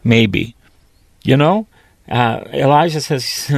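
A man's voice: mid-range voice, measured pace, no echo. A priest preaching a sermon, reading scripture aloud and breaking off to explain it, lifting his voice when he quotes God or a prophet.

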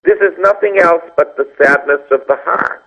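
A man's voice: on the high side, moderate pace. A man, a priest, giving a Bible teaching on the radio, telling stories and acting out the people he quotes. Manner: animated storytelling, acts out quoted dialogue. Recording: dull lo-fi radio sound.

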